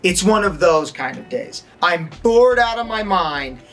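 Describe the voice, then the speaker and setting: A man's voice: high-pitched, animated, a little slow, fairly bright tone, faint music behind. A man instructing an online acting course, talking plainly and now and then acting out a line in a different tone to show its effect. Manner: demonstrates tones by acting out short lines. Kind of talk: online lesson.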